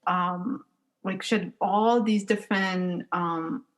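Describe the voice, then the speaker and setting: A woman from Somalia speaks as a podcast guest at a medium pitch. She tells childhood stories in a relaxed, conversational way. She is animated and often breaks into laughter. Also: takes it slowly. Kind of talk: casual storytelling.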